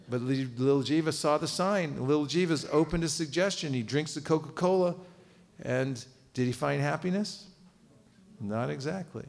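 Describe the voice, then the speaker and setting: A man's voice: fairly high pitch, normal speed. A man giving a live seminar lecture, quizzing his audience and cracking jokes. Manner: lively, quizzes audience, joking asides. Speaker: seminar teacher. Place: temple cultural hall.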